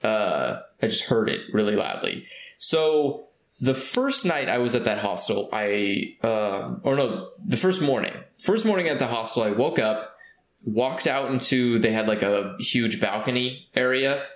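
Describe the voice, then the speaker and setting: A man's voice: mid-range voice, animated, measured pace. A man from California, telling a story in casual chat, rambling with fillers and restarts. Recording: roomy echo.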